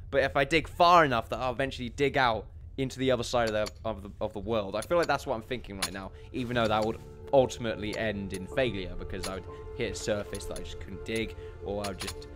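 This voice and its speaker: A young man chatting through a building game in a loose, rambling way, often laughing at himself. His voice is animated and swings widely in pitch. Faint background music plays under his talk. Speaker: gaming commentator. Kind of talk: casual let's play commentary.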